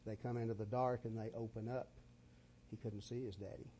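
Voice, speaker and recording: A man's voice: on the low side, little pitch movement, fairly quick, dark tone, a little hiss or hum. A man preaching a sermon, folksy and full of stories. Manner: storytelling, folksy.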